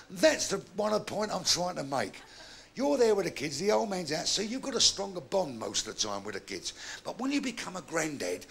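An older man telling bawdy jokes in live stand-up, with gravelly punchy delivery and shouted punchlines. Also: high-pitched, a little hiss or hum. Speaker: stand-up comedian. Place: live comedy venue with audience.

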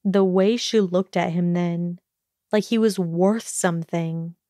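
Woman reading a fanfic audiobook, slow and measured, mid pitch, dry close mic. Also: fairly even intonation, warm tone, no room sound. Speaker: audiobook narrator. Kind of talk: fan fiction audiobook narration.

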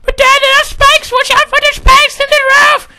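A whiny, scared little boy in falsetto. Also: level tone, normal speed, very noisy. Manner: high whining falsetto, pleading. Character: whiny frightened young boy, a son.

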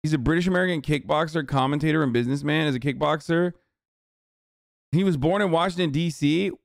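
A man's voice: on the high side, fast, creaky, dry recording, studio quality. A man streaming casual reaction commentary, incredulous, mocking and profane.

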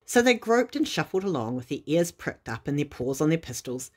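A woman narrating a children's bedtime story in a lively, expressive way. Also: low voice, brisk.

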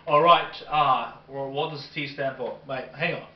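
A man's voice: medium pitch, a little slow. A young man hams it up as a mock interviewer in a comedy skit, leaning on "mate" at every turn. He sounds a step away from the mic, with room echo around him. The sound is a little dull, with faint hiss underneath. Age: young adult. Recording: roomy, distant, dull, with background hiss.

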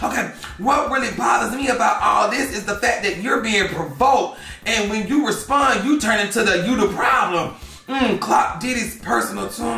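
A man's voice: high-pitched, moderate pace, gravelly, pushed and bright, distant mic. A man hosting a celebrity drama commentary show, sassy and exclamatory as he reads posts aloud and reacts to them. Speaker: gossip show host. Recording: echoey room, off mic, faint music.

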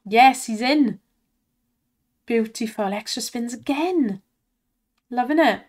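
An excitable woman commenting on slot spins and cheering the reels on, her voice strained from shouting. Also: on the high side, slow. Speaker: slot streamer.

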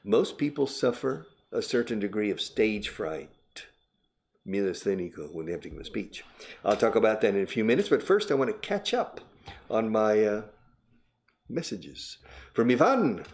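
An older man gives a relaxed, chatty English lesson. His voice sits a little low, and he slips into Spanish to explain words. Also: normal speed. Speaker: English teacher and host. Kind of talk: casual spoken English lesson.

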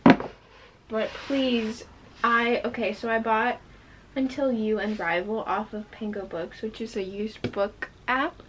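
A woman's voice: fairly high pitch, steady tone, takes it slowly, a little hiss or hum. A woman chatting casually and enthusiastically about her books as she sorts a shelf, easily sidetracked. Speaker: book vlogger. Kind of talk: casual chat. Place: bedroom with a running fan.

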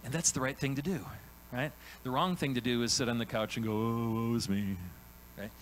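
A pastor preaches in a conversational way, frequently checking in with "right?" and briefly acting out biblical characters in quick voiced asides. His voice is medium-pitched and fairly bright. The low-quality recording has a little hiss or hum.

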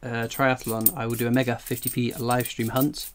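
Man, livestream host, casual chat, rambling and jokey, caffeinated, mid pitch, faint background hiss. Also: flat delivery, normal speed. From England. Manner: chatty, jokey, reads chat aloud and rambles. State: jittery on strong coffee. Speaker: livestream host, coin collector.

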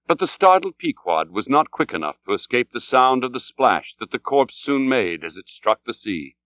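A man narrating an audiobook in a solemn, dramatic, measured way. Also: mid-range voice, sing-song, fairly bright tone, dry recording.

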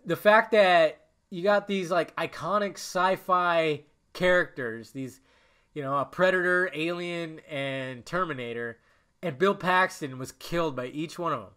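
A man's voice: on the high side, unhurried, pushed and bright, clean tone. A young man hosting a casual solo podcast, rambling and emotional, cursing often as he talks. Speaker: podcast host.

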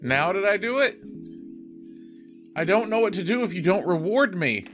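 A man hosting a let's play, excitable and joking as he talks to himself while playing. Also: high-pitched, moderate pace, soft background music. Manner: excitable, joking, self-talking. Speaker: gaming channel host.

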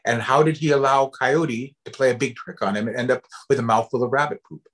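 Pausing often and dropping in fillers, a male storyteller and educator from the US Pacific Northwest delivers a lighthearted, story-driven lecture. He speaks in a mid-range voice with a fairly bright quality.

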